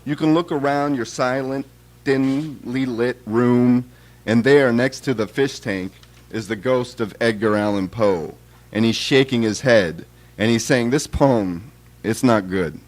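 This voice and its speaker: A man giving a live reading of his own poems in a wry, deadpan, conversational way. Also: mid-range voice, a little slow.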